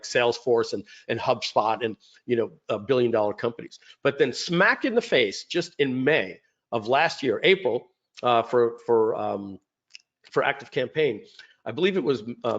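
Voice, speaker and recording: A man's voice: medium pitch, dull audio. A man casually presenting his company's story in a rambling way, with many fillers and restarts. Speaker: company founder presenting a webinar. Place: home.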